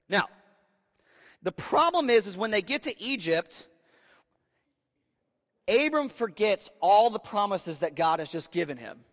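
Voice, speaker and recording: A young male preacher with a high, light voice talks through his sermon like a chat with friends. He keeps checking in with "right?" and slips into voices for the people in the story. His words ring out with a long echo through a big church hall. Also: expressive, measured pace, pauses often, fairly bright tone. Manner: keeps asking "right?" and acts out voices in quotes. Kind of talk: casual conversational sermon. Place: church hall with a live audience. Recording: long reverb of a large hall.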